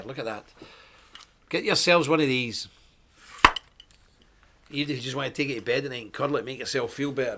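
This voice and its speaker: A middle-aged man, hosting a live web show in a forceful, preachy way with sudden bursts of emphasis. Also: medium pitch. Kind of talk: live-streamed preaching talk.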